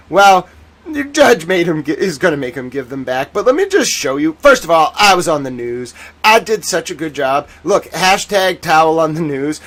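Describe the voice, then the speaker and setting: A man hosting a casual legal commentary stream, animated and sarcastic, who mocks people in whiny put-on voices. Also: a little high, normal speed. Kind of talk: casual chat.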